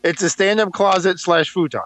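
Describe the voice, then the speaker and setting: A man's voice: high-pitched, brisk, crowd noise. A man co-hosting a podcast, joking around in crude, casual banter. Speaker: podcast co-host. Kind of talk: casual chat.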